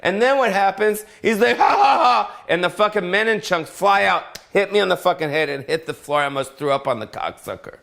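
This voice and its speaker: A man's voice: sits high, brisk, creaky, hardly any pauses, fairly bright tone. A middle-aged man, a comedian, delivering a brash, profane and rambling solo rant from his home. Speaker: comedian hosting his own show. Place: home in Las Vegas.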